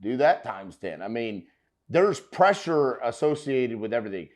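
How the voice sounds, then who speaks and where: A man reacts to clips in casual commentary. He is loud and emphatic and swears freely. His voice sits at an ordinary male pitch. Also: sing-song, normal speed.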